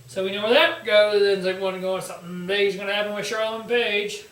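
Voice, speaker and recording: Man, high voice, casual sarcastic recap host, swears, echoey room, set back from the mic. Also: steady tone, fast, a bit bright. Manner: blunt, sarcastic, swears freely. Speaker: wrestling review show host. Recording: roomy echo, distant from mic.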